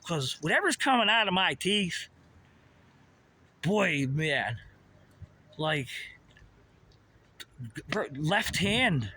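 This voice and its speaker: A man's voice: high voice, bright, forceful tone. A man rambling and cursing in a walk-and-talk monologue outdoors, recorded on a handheld phone by a road. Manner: rambling, profane, addresses Russia directly. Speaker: vlogger. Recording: outdoor noise with passing vehicles.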